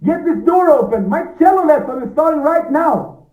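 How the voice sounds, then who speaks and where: A man voicing a frantic man locked in a room, shouting and demanding to be let out. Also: very high-pitched, animated, normal speed, roomy sound, narrow, tinny audio.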